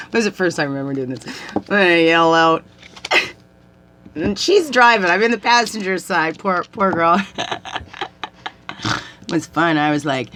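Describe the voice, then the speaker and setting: A middle-aged woman who calls herself a medicine woman rambles casually to camera, giggling and laughing often as she tells animated stories. Her voice is on the low side, a little slow, with long pauses.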